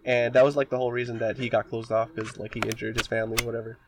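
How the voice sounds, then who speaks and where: A man's voice: mid-range voice, level tone, rapid-fire, noisy background. A man co-hosting a podcast, rambling through a story retelling with lots of filler words and casual swearing. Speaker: podcast co-host.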